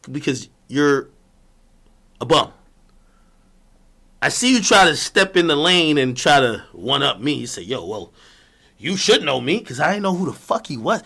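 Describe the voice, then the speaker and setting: A man ranting in a solo monologue, mocking and boastful, going from loud taunts to low muttered asides. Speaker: streamer.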